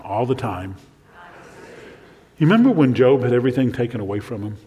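A male pastor delivers a sermon in a medium-pitched voice. He asks the listeners pointed rhetorical questions, then drops to a soft, near-whispered tone. His voice rings with the long reverb of a large hall. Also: expressive, a little fast, lo-fi sound. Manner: preaching with rhetorical questions and sudden drops to a hushed voice.

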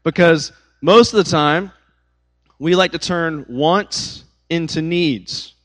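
Upbeat, slightly high-voiced young man teaching. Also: slow pace, low-quality recording. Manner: conversational, storytelling, uses filler words. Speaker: youth pastor. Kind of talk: casual Bible teaching.

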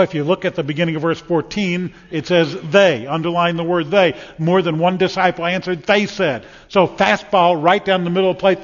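A man preaching a sermon as a pastor, folksy and storytelling, often repeating words as he builds his points. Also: high-pitched. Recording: dull sound with long reverb in a hall.

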